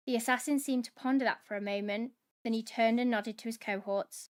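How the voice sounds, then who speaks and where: A woman hosting a book club, reading a novel aloud in steady dramatic narration. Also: a little high, fairly quick, clean tone.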